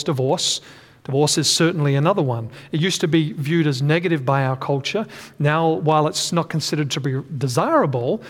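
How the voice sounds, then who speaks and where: A man's voice: fairly high pitch, in a large hall. A man preaching a sermon earnestly, often restating his points and correcting himself mid-sentence.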